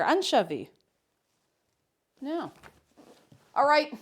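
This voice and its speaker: A woman's voice: mid-range voice, very animated, measured pace, long pauses. A woman chatting casually on a live stream while she cooks, playful and giggly, repeating words for fun.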